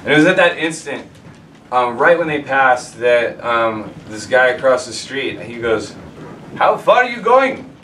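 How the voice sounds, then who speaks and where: A man telling a personal story live on stage, rambling and halting, with restarts and swearing. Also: mid-range voice, steady tone, pushed and bright. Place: live venue with an audience. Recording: roomy, distant live recording with noise.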